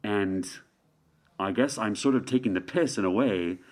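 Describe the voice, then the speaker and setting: A Canadian man with a fairly low voice chats in an easygoing interview. His talk is playful and meandering, and jokes keep slipping in. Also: normal speed, a little mellow. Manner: playful, rambling, joking. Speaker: guest street artist. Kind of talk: casual interview chat.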